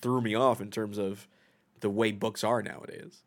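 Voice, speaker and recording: A man in a casual comic book review chat, giving relaxed and reflective opinions. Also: lowish voice, normal speed.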